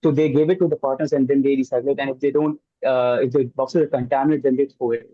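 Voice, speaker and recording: A man's voice: mid-range voice, fairly even intonation, quick pace, no room sound, muffled recording. A man on a hackathon team answering judges' questions at length, with frequent fillers. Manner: explains at length with many uh fillers. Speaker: hackathon team member pitching.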